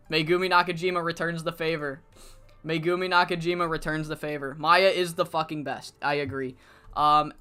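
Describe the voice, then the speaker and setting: Slow, crisp-voiced game streamer swearing casually. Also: mid-range voice, sharp tone. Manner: rambling, self-talking, swears freely. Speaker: streamer playing a wrestling booking game. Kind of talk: casual live-stream commentary.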